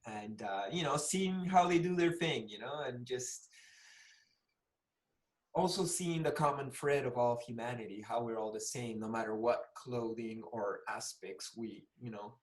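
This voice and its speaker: A man's voice: medium pitch, moderate pace. Laid-back man in his forties, rambling. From Peru. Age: 40s. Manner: relaxed, rambling with many fillers. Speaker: guest artist. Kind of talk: casual podcast interview.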